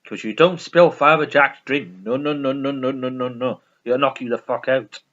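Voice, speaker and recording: A belligerent old drunken priest, as a man puts him on, gruff and threatening, a little louder than plain talk. The sound is dull and lo-fi. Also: medium pitch, fairly even intonation, moderate pace, soft background music, lightly acted. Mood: menacing. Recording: dull lo-fi recording.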